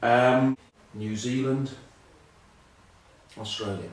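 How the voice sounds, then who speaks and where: A man's voice: mid-range voice, steady tone, extremely slow. Rambling English man, echoey and distant. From England. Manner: rambling, self-mocking anecdotes with many ums. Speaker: rugby pundit. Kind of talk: casual chat.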